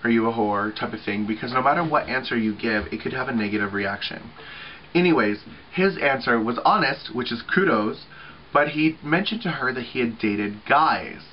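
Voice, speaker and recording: A man in his thirties talks to his webcam in a loose, chatty way, swearing freely and filling gaps with ums and asides. His voice sits in a middle pitch, and the recording sounds a little muffled, with faint hiss underneath. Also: lively intonation, moderate pace. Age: 30s. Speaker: vlogger on a group channel. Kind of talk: casual weekly video chat.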